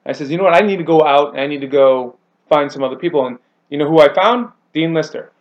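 A man's voice: fast talker, dull audio. A man who coaches grappling, chatting on a podcast and acting out quoted people with big jumps in his voice. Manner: animated storyteller, acts out quotes with big pitch jumps. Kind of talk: casual podcast chat.

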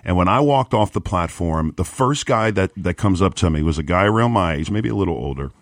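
A deep, low-pitched man speaking as a pastor, recounting a moving story with earnest quoted dialogue. The sound is dry and close, with no room around it. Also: animated, fairly quick, no room sound. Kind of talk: storytelling on a podcast.

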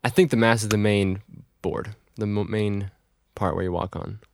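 Laid-back low-voiced male sidekick, casual banter, dry close mic. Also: fairly even intonation, moderate pace, creaky, dry recording. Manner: easygoing, laid-back, asks naive questions. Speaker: comedic co-host.

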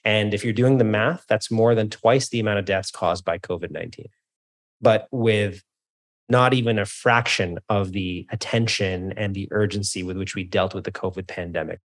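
A man speaks as a podcast guest, his voice on the low side. His delivery is energetic and explanatory, like a keynote speaker. He breaks off now and then to rephrase. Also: moderate pace. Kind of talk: interview conversation.

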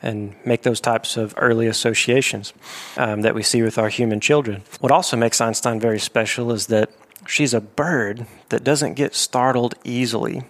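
A man's voice: mid-range voice, steady tone, moderate pace, few pauses, fairly bright tone. A man working as an animal trainer, telling stories in a casual interview, with frequent restarts and fillers.

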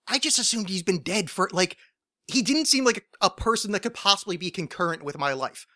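Male podcast guest: bright, tense-edged voice, rambling casual chat. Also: high voice, expressive, a little fast, dry recording, clean studio sound. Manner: rambling, self-interrupting, laughing.

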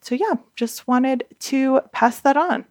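A woman's voice: high voice, slow pace. A young adult woman hosting a podcast, talking candidly in a chatty way with lots of fillers. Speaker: podcast host. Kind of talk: casual podcast monologue.

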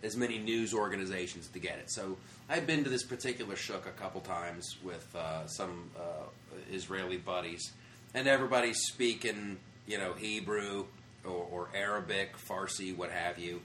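Swearing comedian, low voice, echoey room. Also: male voice, moderate pace, a little hiss or hum. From United States. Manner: animated, swearing, acts out quoted people. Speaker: comedian guest. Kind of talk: casual storytelling interview. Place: comedy club after a show.

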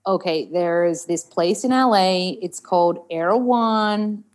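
An Australian woman trained as an actor, a podcast guest who chats in a lively, laughing way and swears casually while trying an American accent. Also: on the low side, slow. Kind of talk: casual chat.

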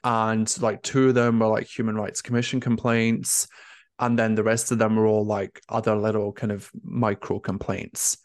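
A man's voice: on the low side, little pitch movement, moderate pace, dry recording, studio quality. A young man, a nurse turned career coach, talking openly and emotionally in an interview, with lots of "like" fillers. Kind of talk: candid conversational interview.

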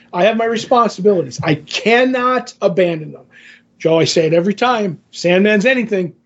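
A man's voice: high-pitched, animated, fairly quick, highs cut off, a little hiss or hum. A man co-hosting a casual podcast, animatedly retelling comic book scenes and quoting the characters. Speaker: podcast co-host.

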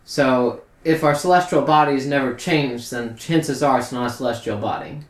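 A man's voice: mid-range voice, lively intonation, moderate pace, lightly acted. A man voicing a skeptical, matter-of-fact female scholar who lectures and dismisses ideas. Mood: dismissive. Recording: roomy echo.

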